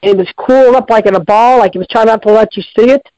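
A man's voice: sits high, quick pace, darkish tone, dry recording, highs cut off. A man calling in to a radio show, telling a long story in a rambling, folksy way with many restarts. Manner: folksy, repetitive, lots of restarts.

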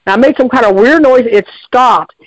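A woman's voice: fairly high pitch, a little fast, no echo, lo-fi sound. A woman, calling in to tell a long story in a rambling, colloquial way with lots of restarts. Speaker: caller. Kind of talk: call-in storytelling.

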